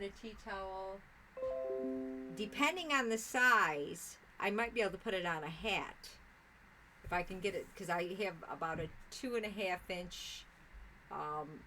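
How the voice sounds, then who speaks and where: A woman's voice: fairly low pitch, a bit bright, slight background noise, low-quality recording. An older woman chatting casually with viewers on a live stream from her sewing room, rambling with fillers and restarts.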